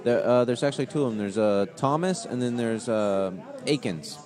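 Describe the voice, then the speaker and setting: Relaxed male co-host on a live show from a bar patio, bar crowd chatter clearly behind him. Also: mid-range voice, normal speed. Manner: easygoing, stat-heavy, laughs often. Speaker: fantasy football podcast co-host. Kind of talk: casual live sports chat.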